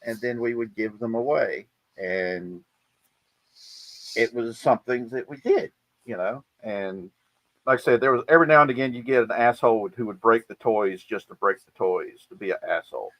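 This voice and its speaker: A man's voice: mid-range voice, normal speed, a bit bright, no room sound, low-quality recording. A man hosting a podcast in casual chat, telling stories with lots of swearing and laughter. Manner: profane, laughing storyteller. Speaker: podcast host.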